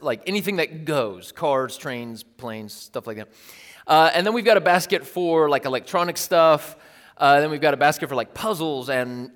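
A man in his thirties preaching a casual, storytelling sermon, animated and self-amused, with lots of "like" fillers. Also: a little high. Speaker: pastor. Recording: long reverb of a large hall.

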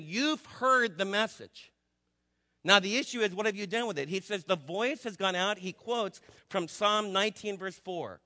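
Male pastor from New Jersey, chatty sermon delivery, bright voice, echoing hall. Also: high voice. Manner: conversational preaching with asides and rhetorical questions. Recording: long hall reverb.

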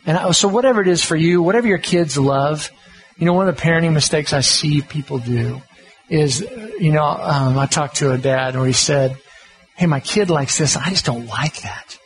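Middle-aged pastor guy, slightly high voice, folksy chatty sermon. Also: moderate pace, faint music behind, poor audio. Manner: folksy, conversational, self-deprecating. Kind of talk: sermon on parenting.

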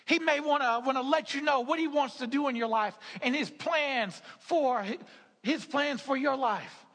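High-voiced preacher in a reverberant hall. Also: male voice, normal speed, a bit bright. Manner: repetitive, stammering restarts, laughing asides. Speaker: pastor. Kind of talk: sermon.

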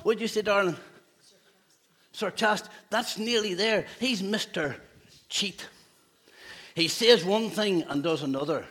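A man's voice: high voice, unhurried, pauses often, a bit bright, breathy edge. A man, a pastor giving a playful children's talk in a church service, asking the children questions. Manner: playful, asks children questions, laughs often.

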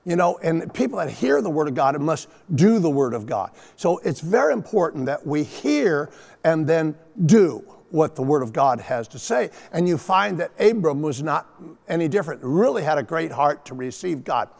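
Animated gravelly-voiced male preacher. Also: on the high side, normal speed. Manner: animated, emphatic preaching with repeated phrases. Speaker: pastor. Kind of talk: sermon. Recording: long reverb of a large hall.

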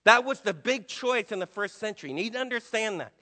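A man's voice: high voice, animated, fast, bright, forceful tone, in a large hall. A man preaching a sermon to his church in an emphatic, conversational way, acting out quotes. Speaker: pastor.

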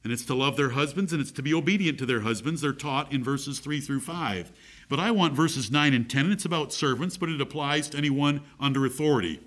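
A man's voice: on the high side, brisk, fairly bright tone. A middle-aged man preaching a sermon, reading scripture aloud and repeating key phrases for emphasis.

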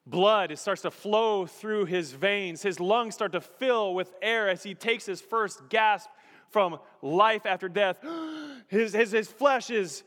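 A male pastor preaching a sermon with dramatic storytelling, dropping low and quiet, then swelling loud. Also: slow. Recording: long reverb of a large hall.

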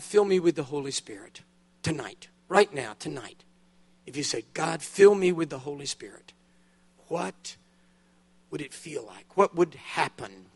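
An older guest preacher with a fairly high, breathy-edged voice tells his story in a sermon at a church conference hall. His delivery swings widely, bursting loud on the excited parts and sinking to a hushed, low tone on the solemn points.

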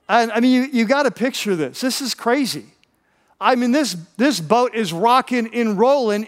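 A man's voice: high voice, big-room sound. A pastor preaching a sermon, telling a story animatedly and often repeating words as he builds up.

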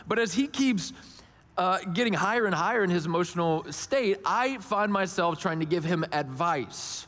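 A man in his thirties giving a conversational sermon, telling a personal story with animated quotes. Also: sits high, normal speed, in a large hall. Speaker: pastor.

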